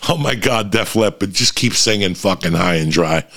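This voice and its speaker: Speaking at normal speed with a lowish voice and vocal fry, this middle-aged host fills his podcast with sprawling, foul-mouthed, animated anecdotes in casual storytelling.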